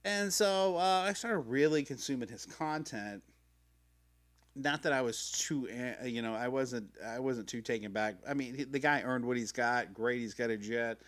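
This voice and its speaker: Speaking into a podcast mic, this middle-aged male host has a medium-pitched, slightly bright voice at a normal pace. His casual personal story wanders along in slang, full of cursing and performed quotes.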